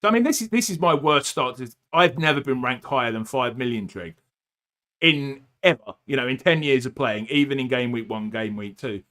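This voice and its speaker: A middle-aged man from the United Kingdom co-hosting a podcast stream, chatting in an animated, jokey way and often talking over his co-host. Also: mid-range voice, fairly quick. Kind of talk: casual chat on a live stream.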